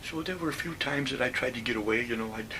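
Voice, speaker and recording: A man in his nineties from Western New York telling his army stories in a plainspoken, animated way. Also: medium pitch, fast talker, far from the mic, slight background noise. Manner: plainspoken, animated retelling with acted-out quotes. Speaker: WWII veteran telling war stories. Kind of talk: oral history storytelling.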